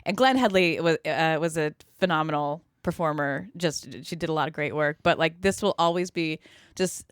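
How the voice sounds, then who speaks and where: Brief: lower-voiced woman podcast guest, eager and full of fillers. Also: normal speed, clean tone, dry recording, clean studio sound. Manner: enthusiastic, rambling with many fillers. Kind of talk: casual podcast chat.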